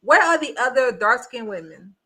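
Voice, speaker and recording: Woman, reaction host; bright tone, blunt and incredulous, casual commentary. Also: a little high, sing-song, moderate pace, slightly rough. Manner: blunt, incredulous, repeats rhetorical questions. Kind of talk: casual live review commentary.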